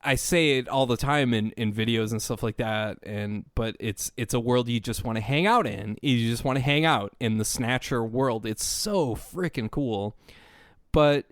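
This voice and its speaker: A man's voice: medium pitch, a little slow, no echo, studio quality. A man co-hosting a gaming podcast, talking in a casual, rambling way full of "like" fillers. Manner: rambling, heavy use of "like" fillers. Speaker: podcast co-host. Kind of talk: casual chat.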